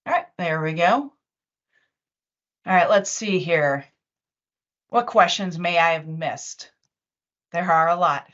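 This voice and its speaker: A woman with a somewhat low voice talks through a live software demo, loose and chatty, with plenty of ums and restarts. The sound is dull and lo-fi, like an online meeting. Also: lively intonation, slow pace, pauses often. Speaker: webinar presenter and user group organizer. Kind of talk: casual live webinar demo.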